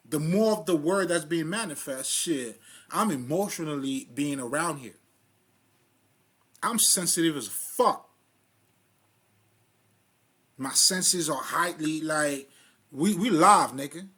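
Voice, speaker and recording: Husky, higher-pitched man riffing on spirituality. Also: animated, slow, long pauses, fairly bright tone. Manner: loose, profane, street slang, often laughing. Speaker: spiritual vlogger. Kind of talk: casual spiritual monologue.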